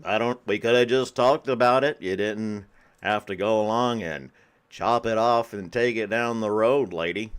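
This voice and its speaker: A man impersonating a gruff old-time cowboy, speaking in a slow drawl. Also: fairly low pitch, lightly acted. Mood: scolding.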